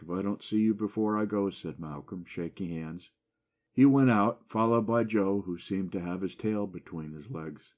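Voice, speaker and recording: A man's voice: sits low, normal speed, muffled recording. A man reading a classic short story aloud as an audiobook, lifting his voice for the dialogue and dropping it for the narration.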